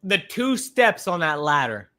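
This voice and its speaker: A man's voice: a little high, big pitch swings, unhurried, bright, forceful tone, slight background noise. A man hosting a live stream, giving rambling, sarcastic commentary while fighting off hiccups. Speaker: podcast host reacting to a stream.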